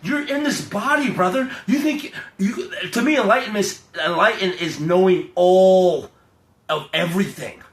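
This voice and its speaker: A young man in a casual, profane, rambling rant to his camera, hyped and animated. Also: sits high, normal speed. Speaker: vlogger. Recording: echoey room with faint ambience.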